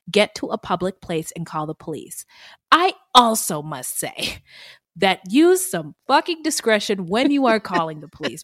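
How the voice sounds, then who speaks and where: A woman co-hosting a podcast in casual chat, blunt and animated, who swears freely. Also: mid-range voice, no room sound, clean studio sound. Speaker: podcast co-host.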